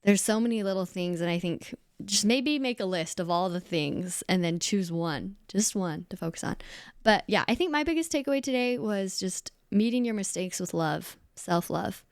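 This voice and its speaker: A woman hosting a podcast in a casual, chatty way. Her voice sits at a mid pitch and she laughs easily. The recording is dry and close-miked. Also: expressive, moderate pace, clean tone, no echo. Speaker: podcast host.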